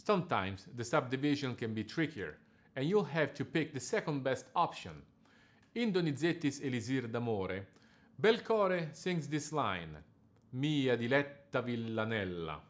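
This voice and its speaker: A man coaching singers in diction, giving a scripted lesson with measured, precise explanations. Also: medium pitch, very animated. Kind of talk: scripted instructional narration.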